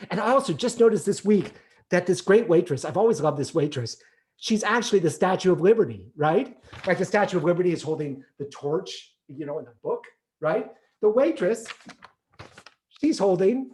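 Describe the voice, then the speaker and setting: A man performing a one-man theatrical storytelling show, animated and acting out the people he describes. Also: on the high side, a little fast. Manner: animated, acts out other people's voices. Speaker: solo stage performer. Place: theatre stage.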